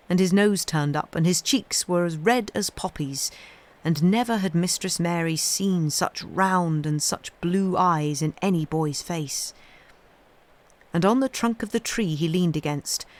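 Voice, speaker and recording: Woman reading a classic novel aloud. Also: on the low side. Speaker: reader.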